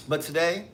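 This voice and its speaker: A man hosting a casual live stream, reading viewer comments with sassy, animated storytelling. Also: a little high.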